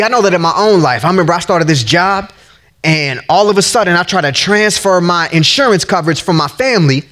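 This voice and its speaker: A man in his thirties preaching a sermon in a lively, slangy way, acting out the people in his stories with big swings of voice. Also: high voice. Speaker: pastor.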